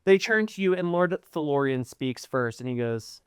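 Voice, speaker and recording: A man's voice: on the high side, animated, normal speed, smooth, no room sound, clean studio sound. A man narrating a tabletop game as game master, in a playful, theatrical way.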